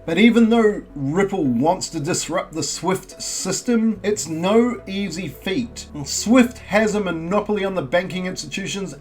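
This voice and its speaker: A man hosting a crypto channel, explaining in a chatty, casual way with rhetorical questions and jokey self-mocking asides. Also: high voice.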